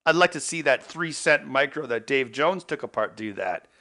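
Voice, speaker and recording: A man's voice: medium pitch, animated, moderate pace, pushed and bright. A man hosting an electronics video, talking casually to himself as he works through a problem. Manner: muttering to himself while working. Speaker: electronics maker host. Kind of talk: casual work-along narration.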